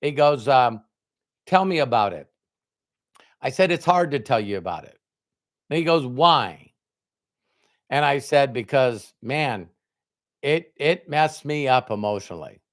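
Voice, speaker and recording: A man's voice: medium pitch, animated, moderate pace. A man giving a motivational talk, telling a personal story with emphatic quoted dialogue. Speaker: motivational speaker.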